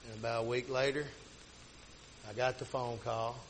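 Folksy pastor telling a story. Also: male voice, mid-range voice, little pitch movement, normal speed, slight background noise, poor audio. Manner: folksy, rambling with many restarts. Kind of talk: sermon storytelling.

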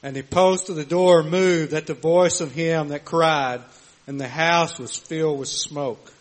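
Male scripture reader, slightly higher voice, very slow and deliberate delivery. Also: fairly even intonation. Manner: slow, measured reading. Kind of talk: reading scripture aloud.

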